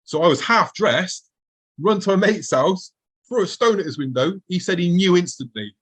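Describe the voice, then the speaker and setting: A man's voice: high voice, lively intonation, moderate pace, fairly bright tone, breathy edge. A man, a podcast guest telling an earnest, vivid story of his own experiences. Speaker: guest recounting UFO encounters. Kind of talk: personal storytelling.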